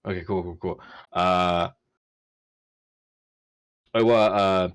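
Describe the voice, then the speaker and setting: A man playing a tabletop game, talking casually in a halting, stammering way. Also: sits low, steady tone, clean tone. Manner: halting, stammering, many restarts. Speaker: player.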